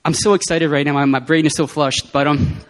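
A man speaking at a prayer meeting, telling personal testimony stories in an animated way and often laughing. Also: a little high, fairly quick. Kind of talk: testimony sermon.

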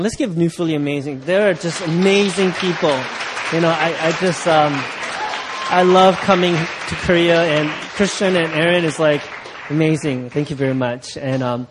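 A man's voice: fairly high pitch, background noise. A middle-aged man preaching as pastor, telling a story and acting out the voices of people he quotes, often laughing. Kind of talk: sermon storytelling.

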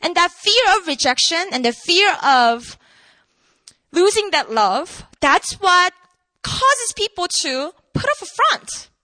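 A woman preaching a sermon to a room, emphatic and animated, asking her listeners rhetorical questions. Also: very high-pitched, takes it slowly, dry recording. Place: room with an audience.

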